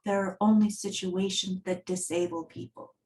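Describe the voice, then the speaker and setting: A woman's voice: mid-range voice, fairly even intonation, normal speed, darkish tone, slight background noise. A woman giving an accessibility talk at a design meetup, speaking in a conversational, storytelling manner. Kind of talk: conference talk.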